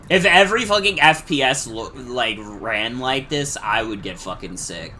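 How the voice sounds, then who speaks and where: A man's voice: mid-range voice, lively intonation, normal speed, bright, forceful tone, slight background noise. A man streaming a retro game, chatting casually with lots of filler words and cursing. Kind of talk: casual gameplay commentary.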